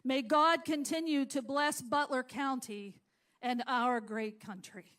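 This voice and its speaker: A woman giving solemn remarks and a blessing at an outdoor rally, speaking in a measured, reverent way into a stage microphone. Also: high voice, fairly bright tone.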